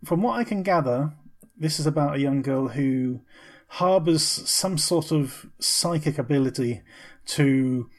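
A man's voice: fairly high pitch, a little slow. Chatty man reviewing films. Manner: hesitant, many ums and restarts. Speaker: podcast co-host. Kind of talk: casual film review chat.

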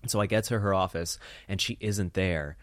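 A young man co-hosting a podcast, telling a rambling comic story with animated quoted voices. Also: low-pitched, brisk, no echo, studio quality. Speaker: podcast co-host. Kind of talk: casual comedic chat. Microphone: studio mic on a stand.

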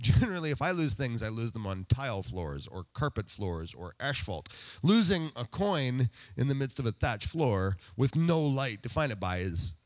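A man preaching a sermon in a conversational, self-deprecating way, putting rhetorical questions to the congregation. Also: mid-range voice. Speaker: pastor.

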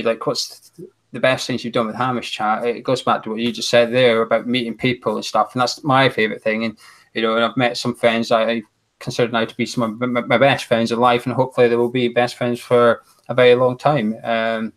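A man's voice: mid-range voice, flat delivery, a little fast. A man from Aberdeen with a Scottish accent, a guest telling a friendly, rambling story in casual chat. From Aberdeen, Scotland. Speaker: guest, co-host of a fan show.

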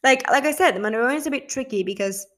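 A young woman chats casually to camera about a show she loves. She gushes and swears freely, acting out what people said. Her voice sits a little high. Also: racing. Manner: gushing, emotional, swears freely, quotes people in animated voices. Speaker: vlogger reviewing a TV episode. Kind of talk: casual chat.

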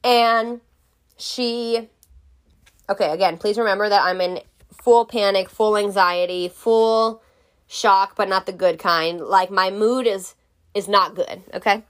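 A woman's voice: medium pitch, fairly even intonation, slow pace. A young woman telling a storytime vlog in a blunt, exasperated, profane way. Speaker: vlogger.

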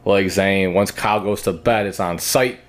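A man's voice: low-pitched, normal speed. A young man hosting a podcast, crude and joking in casual banter, often laughing. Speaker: podcast host.

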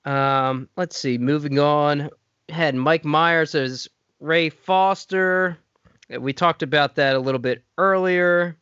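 A man hosting a podcast in casual chat, animated and swearing as he gets worked up. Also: fairly high pitch, takes it slowly, clear, resonant tone, no echo. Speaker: podcast host. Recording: dry, dull lo-fi sound.

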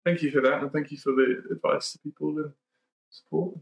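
Gravelly man hosting in an echoey room. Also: fairly high pitch, fairly even intonation, a little fast. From United Kingdom. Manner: chatty, rambling, with frequent ums and self-corrections. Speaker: podcast host. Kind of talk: casual conversational podcast chat.

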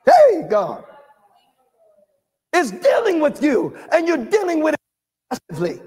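A man preaching a charismatic sermon, shouting in a sing-song cadence, calling for responses and breaking into tongues. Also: very high voice, wildly swooping pitch, unhurried. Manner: calls for congregation responses.

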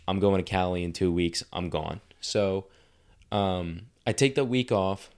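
A man's voice: sits low, a little slow, a little mellow, clean tone. A young man casually telling a story as a podcast host, rambling and swearing often. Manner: rambling, profane, filler-heavy.

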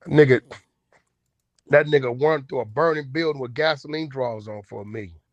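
A man hosting an online talk room, naturally loud, blunt and aggressive, with profane casual speech. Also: medium pitch, moderate pace, no echo, lo-fi sound. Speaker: host. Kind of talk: heated casual chat. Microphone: online audio room.

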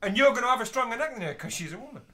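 A man's voice: extremely high pitch, expressive, rapid-fire, noisy background. A man co-hosting a comedy podcast, joking crudely and animatedly. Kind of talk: casual comedic chat.

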